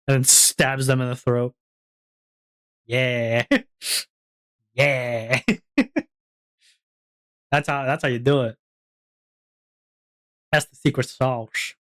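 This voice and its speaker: A streamer ending a casual live stream, rambling with many fillers and plenty of giggling. The voice sits at a middle pitch, and the talk stays loose and unscripted. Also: level tone, extremely slow, long pauses, a bit bright.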